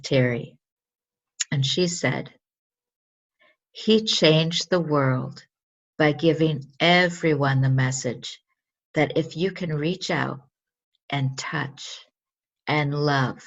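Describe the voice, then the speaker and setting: Slow, husky low-voiced woman interviewer. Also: dull audio. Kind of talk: slow, measured spoken introduction.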